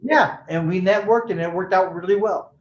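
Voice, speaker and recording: A middle-aged bail bondsman with a high-sitting voice talks at a moderate pace in a casual interview. He rambles loosely through his stories, acting out the voices of the people he quotes. The room sounds roomy and dull.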